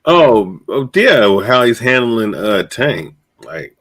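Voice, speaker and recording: A man hosting a casual boxing live stream, animated and swearing freely. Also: medium pitch, slow. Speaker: podcast host.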